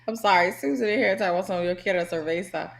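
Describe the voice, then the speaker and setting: A woman's voice: medium pitch, rapid-fire, gravelly. A woman co-hosting a livestream, reading viewer comments aloud in an upbeat, playful way. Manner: upbeat, reads comments aloud, laughs often. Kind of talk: casual livestream chat.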